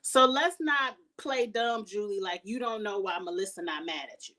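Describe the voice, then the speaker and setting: A woman's voice: medium pitch, normal speed, bright, forceful tone, far from the mic. Sassy, blunt woman recapping reality TV. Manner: sassy, shady, blunt commentary. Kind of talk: casual review vlog.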